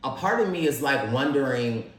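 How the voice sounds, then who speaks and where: A man of middle pitch talks as a podcast guest, weighing his opinions in a thoughtful, measured way. The recording has a roomy echo around his voice. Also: animated. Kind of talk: casual chat.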